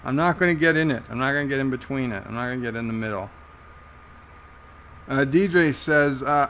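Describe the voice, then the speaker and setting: An American man hosts a relaxed live stream and reads viewers' messages aloud at an unhurried pace. His voice sits at an ordinary male pitch, and his delivery is amused and halting. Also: gravelly, slight background noise. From United States. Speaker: livestream host reading chat. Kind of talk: casual live-stream chat.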